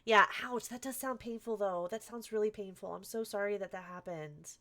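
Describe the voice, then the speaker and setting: A woman's voice: medium pitch, normal speed, a bit bright. A woman streaming a game live, chatting casually and gushing over her chat. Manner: bubbly, gushes over chat.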